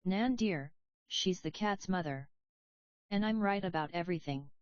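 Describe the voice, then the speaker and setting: A woman reading the part of a sharp-tongued, protective old grandmother who scolds in a matter-of-fact way. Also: lowish voice, measured pace, dry recording, highs cut off, lightly acted. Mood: scolding.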